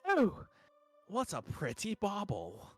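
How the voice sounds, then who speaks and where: A man's voice: sits high, wildly swooping pitch, slow, fairly bright tone, dry recording, voice pushed up, exaggerated voice. A man putting on the voice of an old man who shuffles about and grunts. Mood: fawning.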